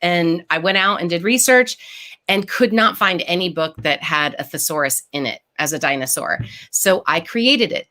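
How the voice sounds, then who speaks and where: Woman author reading a storybook aloud. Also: mid-range voice. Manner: animated, explains words simply for kids. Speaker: picture book author.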